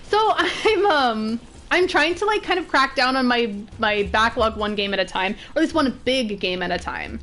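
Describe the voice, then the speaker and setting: A woman with an alto voice, chatting excitably and giggling as she streams herself playing a video game. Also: fairly high pitch, moderate pace. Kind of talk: casual let's-play commentary. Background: game music.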